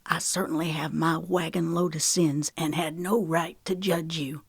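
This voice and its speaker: Gruff older man, as a woman narrator reads him. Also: sits low, fairly even intonation, moderate pace, no echo, studio quality, full character voice. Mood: hushed earnest. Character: gruff older man, former soldier, blunt.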